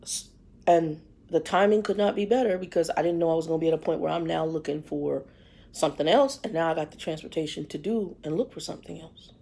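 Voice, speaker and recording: Woman with a gravelly low voice doing a casual faith talk, acts out what people said. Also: quick pace, warm tone. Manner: conversational preaching, acts out quoted voices. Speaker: ministry livestream host. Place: in a car.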